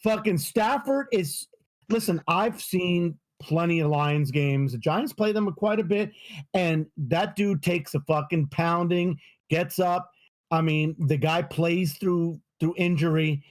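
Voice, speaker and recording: Man, high voice, profane sports ranter, casual podcast co-host. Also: slow. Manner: profane, ranting, animated.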